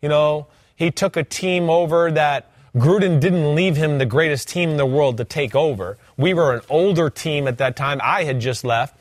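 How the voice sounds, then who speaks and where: A man's voice: fairly high pitch, moderate pace, hardly any pauses, no room sound, studio quality. A man who once played the game, co-hosting a casual sports talk show and acting out what players think. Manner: animated, acts out players' voices. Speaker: former player turned co-host.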